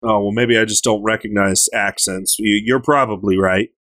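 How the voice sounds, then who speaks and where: A man chatting casually on a gaming podcast, retelling a story with animated, joking energy. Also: on the low side, normal speed. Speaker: podcast co-host recapping a game.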